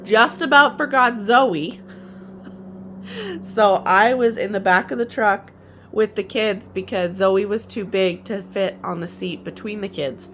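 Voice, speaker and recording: A woman's voice: medium pitch, a little slow, fairly bright tone, a little hiss or hum. A woman in her thirties telling a family trip story in a casual, chatty way, laughing often and trailing off mid-sentence. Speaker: vlogger.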